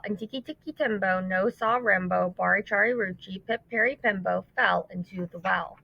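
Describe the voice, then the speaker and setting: A woman teacher who reads a story aloud to children and then explains it, in an expressive, emphatic way. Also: medium pitch. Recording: dull lo-fi dry recording.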